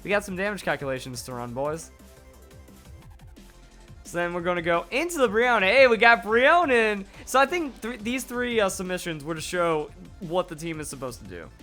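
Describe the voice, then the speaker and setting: A man giving excited play-by-play commentary on a video game battle, his voice going hoarse. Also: high voice, soft background music. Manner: hype, rapid play-by-play with exclamations. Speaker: gaming YouTuber.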